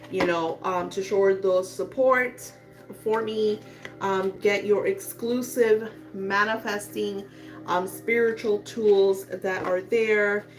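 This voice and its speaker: Female psychic reader, soft and reassuring, mid-range voice, faint music underneath. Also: mid-range voice. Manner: soft, soothing, spiritual affirmations. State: emotional. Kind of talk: live psychic reading.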